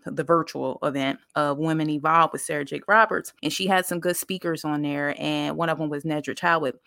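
A woman's voice: low-pitched, a bit bright, no echo, studio quality. A woman podcast host speaking, telling a story in a conversational, emphatic, faith-filled way and talking straight to her listeners. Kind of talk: casual storytelling monologue.

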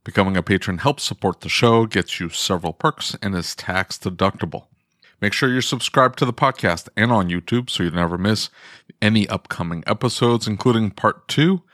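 A man with a fairly low voice hosts the podcast. He keeps it loose, throwing in playful, teasing remarks between points. The sound is dry and close. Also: a bit bright, no echo. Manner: jokey, teasing, quick asides. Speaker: podcast host. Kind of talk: casual chat.

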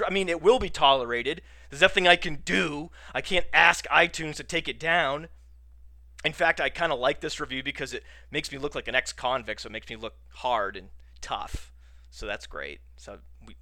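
A man's voice: mid-range voice, bright, forceful tone, dry recording. A man hosting a podcast on his own, talking casually and playfully indignant. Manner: playfully indignant, mock-outraged. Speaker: podcast host. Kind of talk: casual solo podcast talk.

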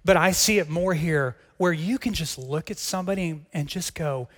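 A middle-aged male pastor preaching in a church hall, his fairly high voice carrying a long reverb tail. He talks conversationally and earnestly, drifting from soft, intimate asides to emphatic, pressing questions. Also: normal speed, hardly any pauses. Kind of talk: sermon.

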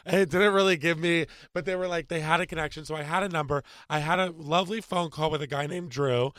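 Podcast regular, man, slightly high voice, fast, emphatic and chatty. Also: a bit bright, no echo. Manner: chatty, emphatic advice-giving. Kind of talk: casual chat.

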